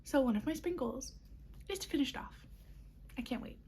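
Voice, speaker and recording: A woman's voice: high-pitched, lively intonation, a little fast, mellow. A young woman talking casually to camera as a knitting vlogger, upbeat and chatty with frequent ums and little laughs. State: has the hiccups. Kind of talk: casual chat.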